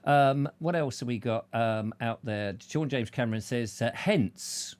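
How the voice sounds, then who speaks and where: A man's voice: mid-range voice, measured pace, a little mellow. A man hosting a casual chat show, joking and rambling through anecdotes. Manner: chatty, jokey, rambling anecdotes with put-on voices. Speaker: host.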